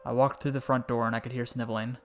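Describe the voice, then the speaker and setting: A man reading a story aloud in a calm, reflective way with dry, wry asides. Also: medium pitch, fast talker. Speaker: story narrator. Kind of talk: scripted storytelling narration. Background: faint background music.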